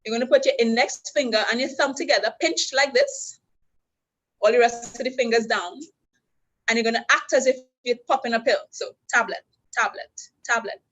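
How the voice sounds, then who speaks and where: A woman with a Trinidadian accent, her voice sitting a little high. She walks listeners through simple hand signs, step by step, with patient, clear instruction. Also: moderate pace, fairly bright tone, low-quality recording. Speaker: sign language instructor. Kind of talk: teaching a class. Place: university orientation session.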